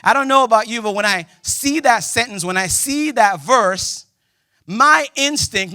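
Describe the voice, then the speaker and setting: A young male pastor delivers a sermon in a loose, conversational way, cracking small jokes and suddenly hitting key words loudly. His voice sits high and sounds bright and forceful. The sound is close and dry, with no room echo. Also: unhurried. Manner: lively, conversational preaching with jokes and sudden loud emphasis. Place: church auditorium.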